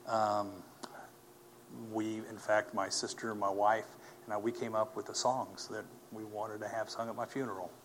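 Earnest man giving a halting testimony. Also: fairly low pitch, level tone, a little hiss or hum. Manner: earnest, halting, with many fillers and restarts. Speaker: speaker telling his testimony. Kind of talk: personal testimony talk.

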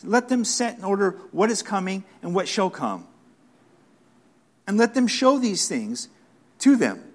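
A man preaching a sermon, acting out the words of God with questions, repetitions and dramatic pauses. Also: high voice, big pitch swings. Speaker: pastor.

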